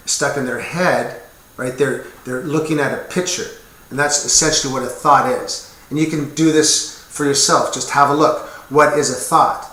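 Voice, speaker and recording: A man's voice: mid-range voice, pushed and bright. Earnest man talking in an echoey room. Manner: earnest, rambling, with small asides and jokes. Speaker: military veteran sharing his experience. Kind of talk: casual explanatory talk to camera.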